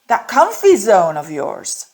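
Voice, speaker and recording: A woman's voice: medium pitch, huge pitch swings, slow, darkish tone. Earnest woman giving horoscope advice. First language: Dutch. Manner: earnest, encouraging, with many fillers and restarts. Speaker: astrologer. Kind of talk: monthly horoscope reading.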